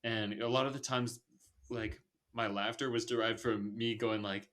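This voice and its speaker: A man's voice: medium pitch, little pitch movement, normal speed, a bit bright. Guy hosting a podcast, super casual, blunt, lots of ums and likes. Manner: loose, filler-heavy and blunt. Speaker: podcast host. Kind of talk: casual movie review chat.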